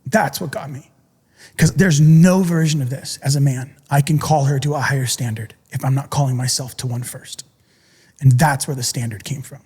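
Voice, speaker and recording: A man's voice: mid-range voice, fairly even intonation, moderate pace, darkish tone, husky, big-room sound. A middle-aged man, a podcast guest and coach, telling a personal story intensely and earnestly. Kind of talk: candid interview talk.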